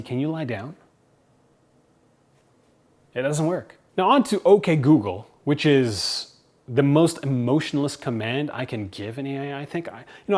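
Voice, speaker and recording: A man speaking English as his first language, chatting casually and animatedly as he reviews smart home platforms. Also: mid-range voice. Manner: chatty, animated, self-deprecating humor. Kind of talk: casual tech review to camera.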